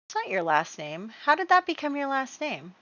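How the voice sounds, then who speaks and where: A woman's voice: high voice, very animated, moderate pace, fairly bright tone, no echo. A woman giving casual, chatty, rambling commentary over her game play. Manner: chatty, rambling, many fillers. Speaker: gaming video creator. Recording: dull lo-fi dry recording.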